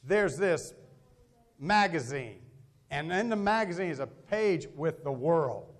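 A man's voice: on the high side, expressive, slow pace. A man preaching a sermon, telling stories with animation and acting out the voices of the people in them. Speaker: pastor.

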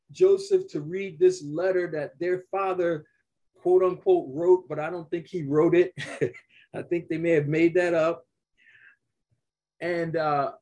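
A middle-aged man preaching a sermon, retelling a scripture story in an earnest, unhurried way with many restarts. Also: a little high, darkish tone, husky, poor audio. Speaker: pastor.

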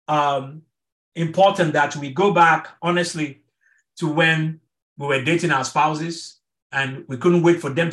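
His sharp, fairly high voice carries an earnest, sermon-style online lesson on marriage. The middle-aged pastor repeats his words to press each point home.

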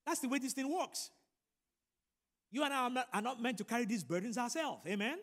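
A middle-aged man preaching a sermon and telling a personal story, animated and building to loud emphatic peaks. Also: very high-pitched, brisk. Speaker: pastor. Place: large church room. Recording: long hall reverb.

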